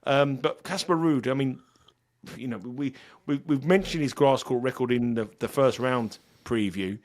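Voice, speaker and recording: A man's voice: mid-range voice, moderate pace. Rambling man hosting a podcast. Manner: rambling, self-deprecating, stumbles and repeats words. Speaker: podcast host. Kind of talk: casual betting podcast chat.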